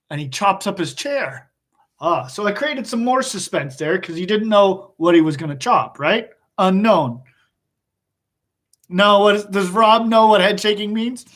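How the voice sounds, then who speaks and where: A male teacher telling a story in a public speaking lesson, animated, often laughing and asking his listeners questions. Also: sits high, unhurried.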